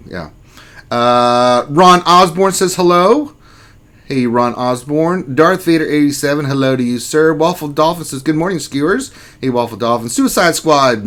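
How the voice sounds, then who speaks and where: A man's voice: medium pitch, a bit bright. Laid-back joking man hosting a stream. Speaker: livestream host. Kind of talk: casual chat, greeting viewers and reading chat messages aloud.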